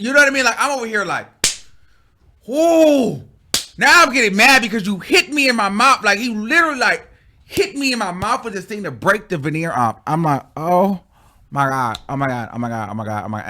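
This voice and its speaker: Male storyteller, lively swooping delivery, bright forceful tone, dramatic and exclamatory. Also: sits high, a little hiss or hum. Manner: animated, dramatic, exclamatory retelling. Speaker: YouTube storyteller. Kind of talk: casual story time monologue.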